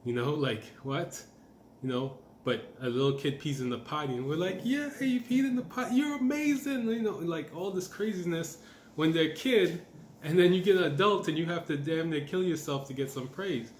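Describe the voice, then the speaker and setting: A man's voice: fairly high pitch, steady tone, normal speed, roomy sound, slight background noise. A middle-aged man giving a casual, encouraging self-help talk as a manifestation coach, repeating his points and using lots of fillers.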